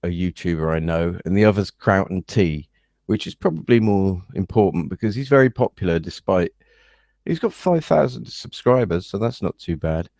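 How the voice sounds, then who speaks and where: English guy with a really low voice, slow and hesitant on a podcast, lots of ums, dry close sound. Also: lively intonation, gravelly, a little mellow, no echo. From England. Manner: measured and hesitant, with frequent ums. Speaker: podcast host. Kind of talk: casual podcast chat.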